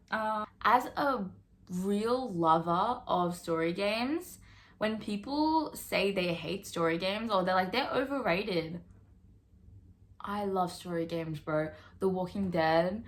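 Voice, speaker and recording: A woman's voice: lowish voice, fairly bright tone. A young woman talking straight to camera in a casual opinion vlog, chatty and earnest, with lots of fillers. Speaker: vlogger.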